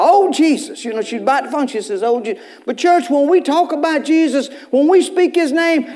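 A male pastor, preaching a sermon in church in a folksy storytelling way, with bursts of loud preaching. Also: extremely high pitch, animated, fairly quick, hardly any pauses.

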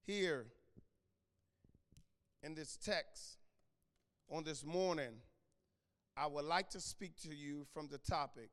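A man preaching a sermon in a church, repeating and restarting phrases, calling out members by name and rising to shouts. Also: on the high side, takes it slowly, pauses often. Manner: repetitive stammering restarts, names congregants, builds to shouting. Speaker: pastor. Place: church sanctuary. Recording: long hall reverb.

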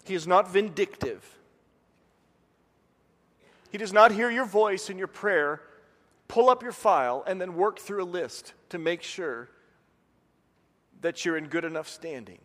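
A man in his forties preaches with a high voice. He tells stories from his home and mimics his family's voices. The sound rings with a long hall reverb. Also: lively intonation, a little slow, pauses often, fairly bright tone. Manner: storytelling, imitates family voices. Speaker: pastor. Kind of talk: sermon.

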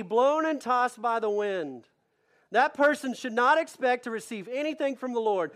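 A man with a very high voice preaches with energy, pressing his listeners with rhetorical questions. He reads scripture aloud in the middle of his sermon. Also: a bit bright. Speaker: pastor.

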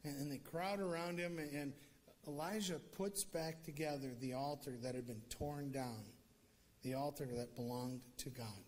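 A man's voice: on the high side, moderate pace, a little mellow, slight background noise. A male preacher retelling a scripture story in a casual, conversational sermon with joking asides.

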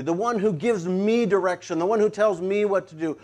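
A man preaching a sermon in a jokey, animated way, breaking into playful shouts. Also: high voice, fairly quick, few pauses. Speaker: pastor.

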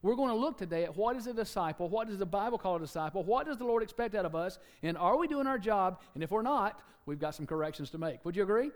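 A man from Alabama with a Southern accent, preaching a sermon emphatically, swinging between loud and soft and repeating key words. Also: high voice, animated, fast, hardly any pauses.

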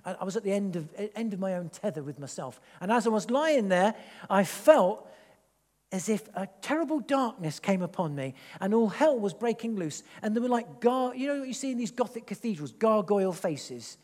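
A man from England, preaching a sermon in a church, animated and rambling with frequent restarts. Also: high-pitched, moderate pace, big-room sound. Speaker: pastor. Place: church hall.

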